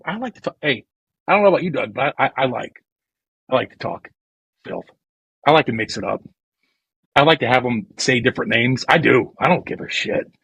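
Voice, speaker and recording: A man's voice: medium pitch, creaky, fairly bright tone, breathy edge, dry recording, poor audio. A man hosting a podcast, rambling through bawdy, playful banter and acting out quoted lines. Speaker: podcast host. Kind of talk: crude comedic podcast banter.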